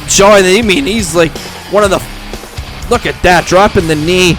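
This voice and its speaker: A young man doing profane, excitable play-by-play for a hobby wrestling show, swearing constantly and breaking into shouted hype. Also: high-pitched, moderate pace, soft background music. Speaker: fake wrestling commentator.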